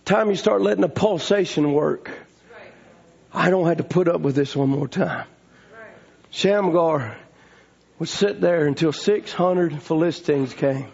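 A man preaching a storytelling sermon, folksy and rising to shouting fervor. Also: on the high side, unhurried, creaky, pauses often, breathy edge. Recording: dull lo-fi sound.

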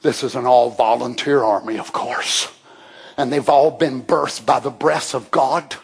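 A man preaching a fiery sermon who swings from shouted climaxes to hushed near-whispers and reads scripture in old-fashioned wording. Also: medium pitch, steady tone, measured pace, vocal fry, breathy edge.

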